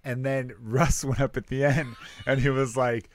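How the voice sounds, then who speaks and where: A man's voice: mid-range voice, level tone, moderate pace. A married man, a stand-up comedian, rambling through anecdotes in casual podcast chat and acting out quotes.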